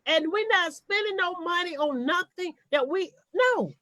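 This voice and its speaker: Emphatic high-voiced woman activist. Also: animated, unhurried, crowd noise. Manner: emphatic, passionate, repeating for emphasis. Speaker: activist panelist. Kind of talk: panel discussion on a podcast.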